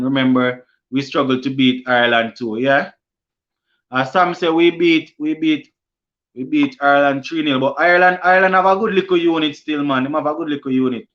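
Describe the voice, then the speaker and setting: A sports channel host, young and with a Jamaican accent, reads viewer comments aloud during a cricket live stream and answers them casually. His voice is fairly high-pitched with a sharp edge, and the recording has a lo-fi stream sound.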